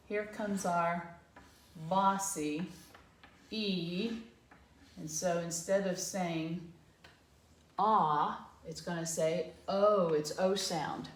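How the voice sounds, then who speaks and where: A woman teacher giving a patient phonics lesson to young children from her home garage, sounding out letters slowly. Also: lowish voice, reverberant.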